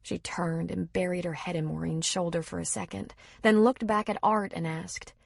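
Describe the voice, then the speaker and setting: A woman reading a novel aloud in steady, measured scripted narration. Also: lowish voice, vocal fry, dry recording, studio quality. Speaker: audiobook narrator.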